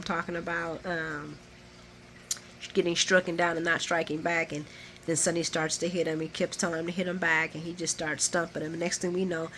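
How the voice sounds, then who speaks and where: A woman vlogger giving a chatty, animated recap of a soap opera episode. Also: lowish voice, slight background noise.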